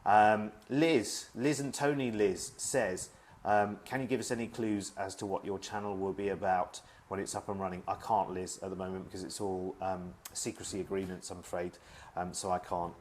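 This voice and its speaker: A man's voice: low-pitched, fairly even intonation, normal speed, darkish tone, a little hiss or hum. A middle-aged man chatting at home on a live video stream, reading out viewer messages in a friendly, self-deprecating way. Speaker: former shopping channel presenter.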